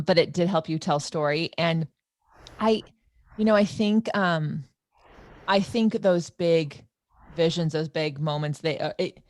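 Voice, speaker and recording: A woman's voice: deep voice, no echo, studio quality. A woman hosting a podcast, chatty and affirming as she responds to her guest in a casual interview. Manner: chatty, affirming, quick to agree. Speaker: podcast host.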